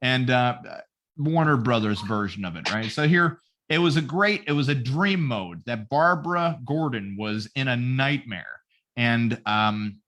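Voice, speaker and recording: On a casual comedy podcast, the male host retells a story as a profane bit, putting on silly voices for each character. His voice sits in the mid-range and has a sharp edge.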